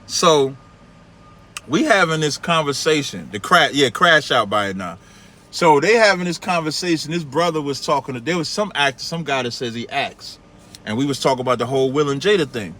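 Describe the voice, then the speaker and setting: Animated New York man telling a story. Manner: animated, acts out quoted people in a much higher voice. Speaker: radio show host. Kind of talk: casual storytelling monologue.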